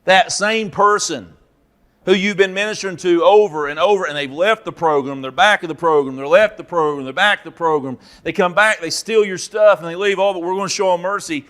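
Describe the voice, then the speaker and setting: A man preaching a Bible teaching, telling stories and acting out characters with sudden loud outbursts. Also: sits high, a little fast. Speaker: pastor. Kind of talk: sermon teaching.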